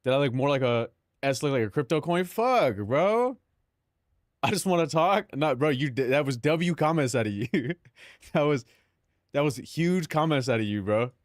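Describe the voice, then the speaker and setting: A man's voice: medium pitch, moderate pace, no room sound, clean studio sound. A young man streaming live, rambling casually to his chat and himself, swearing freely.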